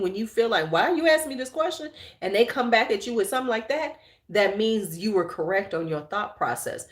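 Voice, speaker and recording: Host type: outspoken woman in casual live chat, profane and animated, echoey room. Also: mid-range voice. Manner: blunt, profane, animated storyteller; reads and answers viewer chat. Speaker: channel host.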